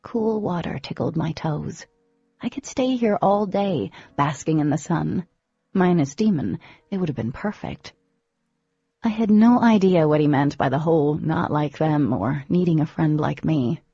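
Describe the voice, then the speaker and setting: A woman narrating a first-person audiobook in an expressive, dramatic storytelling manner, on a close microphone. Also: low voice, unhurried, breathy edge, dry recording, highs cut off, soft background music.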